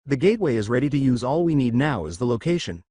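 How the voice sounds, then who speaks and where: A man's voice: mid-range voice, sing-song, fast talker, warm tone, no echo. A man voicing a cheeky male servant who lectures and mocks his immortal master in a fan story reading. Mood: scolding. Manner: mocking, scolding.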